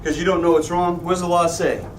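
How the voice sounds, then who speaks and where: Full of lively, joking energy, a Sunday school teacher runs a Bible class and keeps asking his students questions, talking fast. His voice sits high for a man, picked up from some distance in a roomy, echoey church classroom with a little hiss or hum.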